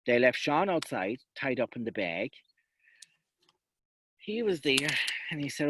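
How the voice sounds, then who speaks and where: A man from South West Kerry with a Kerry Irish accent, telling a traditional folk tale as a seanchaí, voicing the characters with dramatic swings between loud and hushed delivery. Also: mid-range voice, measured pace, pauses often, slightly rough, poor audio. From South West Kerry, Ireland. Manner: lively, dramatic voicing of characters with sudden drops to hushed tones. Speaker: seanchaí storyteller. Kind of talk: traditional oral folk storytelling.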